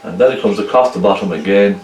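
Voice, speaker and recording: A man's voice: deep voice, quick pace, a little mellow, echoey room, recorded from a distance, slight background noise, poor audio. Chatty Cork-accented man teaching painting. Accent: Cork Irish. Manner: chatty, checks in with viewers. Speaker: painting instructor. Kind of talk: casual painting tutorial.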